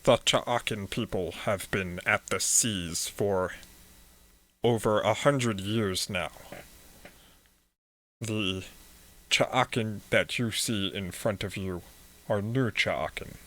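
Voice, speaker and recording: A man voicing a giant insect-like priest who speaks in a flat monotone, slightly lower than his own voice. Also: takes it slowly, long pauses, low-quality recording. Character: monotone giant ant-folk male priest.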